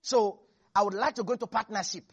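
A preacher voicing a shrewd woman from a Bible story, calmly and persuasively offering a deal. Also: mid-range voice, fast talker, slightly rough, dull audio.

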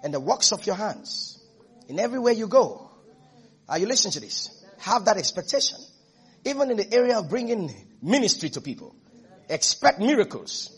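High, husky-voiced male preacher. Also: sing-song, moderate pace. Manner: preaching with rising fervor and repetition, calls to congregation. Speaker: pastor. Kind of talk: sermon.

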